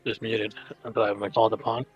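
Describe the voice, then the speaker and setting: A reserved, quiet man playing in an online tabletop game, speaking hesitantly. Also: lowish voice, level tone, fast talker, muffled recording, faint music behind. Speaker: player. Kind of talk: casual chat at a tabletop game.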